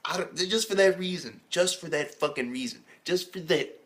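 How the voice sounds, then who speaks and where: A man giving a casual, rambling recap of an anime episode as a reviewer, excitable and swearing heavily. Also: fairly high pitch, normal speed. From United States.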